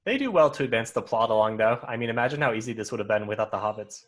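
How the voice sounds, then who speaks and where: A man's voice: mid-range voice, lively intonation, racing, fairly bright tone. A man musing over a book at length. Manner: thoughtful, explains at length with restarts. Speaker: podcast co-host. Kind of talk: casual book discussion.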